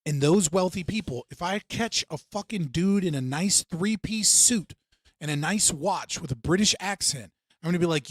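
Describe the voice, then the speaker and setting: A man's voice: high-pitched, expressive, normal speed, husky, no room sound. A man hosting a livestream, reacting to clips with heated, sarcastic, profane commentary. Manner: heated, sarcastic, swears often.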